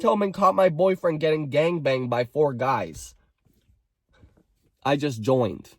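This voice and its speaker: A man's voice: a little high, takes it slowly, pauses often, a little hiss or hum. A young adult man from Canada hosting a casual comedic storytime, reading out viewers' stories with sassy asides and mock outrage. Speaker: storytime creator.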